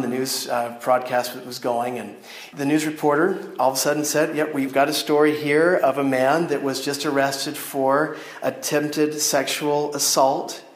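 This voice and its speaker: A man giving a storytelling sermon to a youth audience from the stand of a church chapel, talking straight to his listeners. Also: a little high. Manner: animated storytelling that addresses the audience directly. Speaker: youth speaker. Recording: echoey chapel room.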